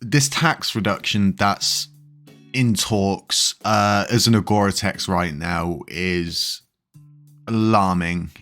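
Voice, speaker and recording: A man with a very deep, low voice speaks in an easygoing, unscripted way, full of ums and restarts. He sounds like a vlogger chatting straight to his audience, while soft music plays quietly behind him. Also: slow pace. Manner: chatty, many fillers and restarts, chuckles now and then. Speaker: crypto news vlogger. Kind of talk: casual commentary to camera.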